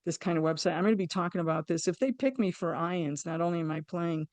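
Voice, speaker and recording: A woman's voice: on the low side, a little mellow, dry recording. A woman hosting an interview, talking candidly with blunt humor in a casual conversation. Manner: candid, talks in quick bursts with blunt humor. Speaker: podcast host.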